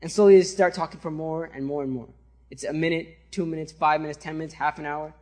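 A man preaching, telling a story in an animated, conversational way and checking in with his listeners. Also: a little high, fast talker. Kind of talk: sermon storytelling.

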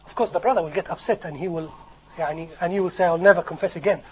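A man preaching a sermon, animated, swinging from loud emphasis to soft asides and acting out quoted speech. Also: high voice, very fast, slight background noise, rough recording. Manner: acts out quoted speech and recites in Arabic. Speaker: Islamic preacher. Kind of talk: sermon on hadith scholars.

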